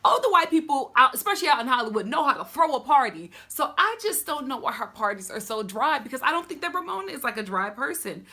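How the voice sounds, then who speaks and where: Woman, comedic TV recap host; high, lively, bright voice; sassy and quick to laugh. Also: husky. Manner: sassy, animated, laughs often.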